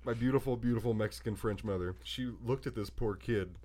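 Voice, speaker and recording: A man's voice: on the low side, fairly quick. A man in his twenties co-hosting a podcast, telling a story in casual chat and acting out the voices in it. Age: 20s. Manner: animated storytelling, acts out quoted voices. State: hungover. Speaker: podcast co-host.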